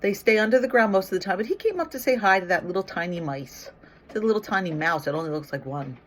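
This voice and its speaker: A woman's voice: mid-range voice, animated, quick pace, a bit bright, a little hiss or hum. A middle-aged woman teacher reading a picture book aloud to young children, coaxing them with questions and praising their answers. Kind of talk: read-aloud storytime with questions.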